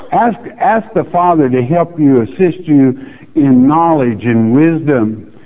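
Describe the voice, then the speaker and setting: A man preaching a verse-by-verse Bible lesson with folksy, teasing asides. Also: medium pitch. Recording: tinny phone-like audio.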